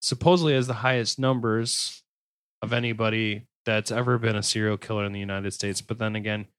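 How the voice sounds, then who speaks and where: A man's voice: lowish voice, steady tone, fairly quick, a bit bright, smooth, no room sound. Crude joking man hosting a podcast. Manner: reads case notes, then riffs with crude jokes. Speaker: podcast host. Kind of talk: casual true-crime podcast chat.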